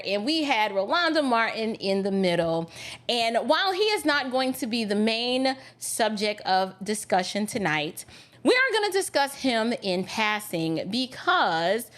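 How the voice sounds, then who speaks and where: A woman's voice: on the high side, fairly bright tone. A woman hosting a podcast livestream, talking casually and greeting viewers by name as she chats. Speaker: podcast host.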